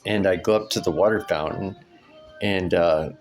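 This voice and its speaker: Low-voiced guy just rambling through a story, um and right every few lines, soft music under it. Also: normal speed. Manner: rambling, with many fillers and tag questions. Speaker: storyteller recounting a personal experience. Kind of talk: casual spoken anecdote.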